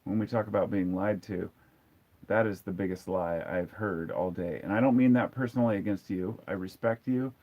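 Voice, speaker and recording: A man in his forties hosts a casual livestream, answering viewer comments in a candid, blunt way. His voice sits low and moves at a moderate pace, and the recording has a dull, lo-fi quality.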